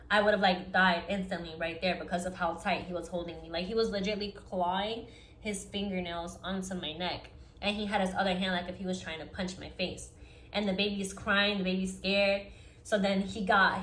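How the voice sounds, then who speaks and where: A young woman recounting her own story in a vlog, earnest and fast-flowing, with "like" scattered through her sentences. Her voice sits at an ordinary middle pitch for a woman. The room around her rings with a noticeable echo. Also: a bit bright. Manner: earnest, fast-flowing retelling full of "like" fillers. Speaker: vlogger. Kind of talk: personal storytime. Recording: echoey room.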